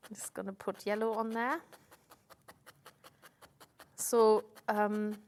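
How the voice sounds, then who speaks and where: A woman's voice: medium pitch, flat delivery, slow pace, darkish tone, slight background noise. A woman demonstrating a craft on a live shopping-channel show in a TV studio. She explains each step patiently, with frequent "um"s and restarts.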